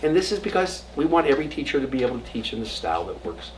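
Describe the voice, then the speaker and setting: Heard from a distance with room noise in the background, a rabbi races through stories in an informal adult education class. His medium-pitched, sing-song voice carries jokes and acted quotes, sometimes falling to a whisper.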